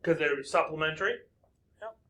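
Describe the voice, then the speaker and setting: A man's voice: fairly high pitch, moderate pace, fairly bright tone. A man teaching a recorded math lesson, working through problems step by step and asking himself questions aloud before answering them.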